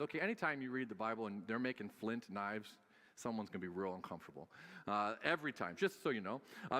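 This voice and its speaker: Bright-voiced man preaching in a reverberant hall. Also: mid-range voice. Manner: conversational and joking, frequent "uh" fillers. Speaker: pastor. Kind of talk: sermon.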